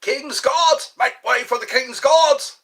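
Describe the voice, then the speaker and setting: A man voicing a stern, pushy royal guard in a put-on British accent, barking shouted orders. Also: very high-pitched, slow, pitched above the performer's own voice, full character voice.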